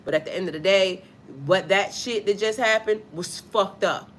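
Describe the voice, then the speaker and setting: Here the same kind of speaker, a mother working as a spiritual life coach, swears freely and talks with blunt emphasis during a relaxed live stream, stopping now and then to read out viewer comments. Her pitch is medium and her pace moderate, with slight hiss or hum in the audio.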